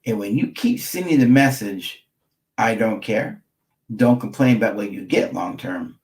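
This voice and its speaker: A man's voice: lowish voice, lively intonation, normal speed, darkish tone. A middle-aged man, a marriage therapist, gives an emphatic teaching talk to camera, repeating key phrases and checking in with his listeners.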